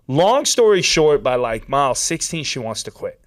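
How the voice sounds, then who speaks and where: A man telling a long story in a casual chat, animated and peppered with "dude" and "like.". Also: fairly high pitch, normal speed. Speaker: podcast guest.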